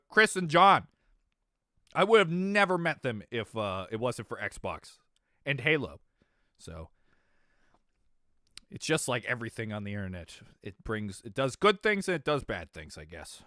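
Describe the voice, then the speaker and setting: A young adult man chatting casually on his stream, telling stories animatedly, swinging from mumbles to loud exclamations, laughing and swearing freely. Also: a little high, no echo, studio quality. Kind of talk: casual chat.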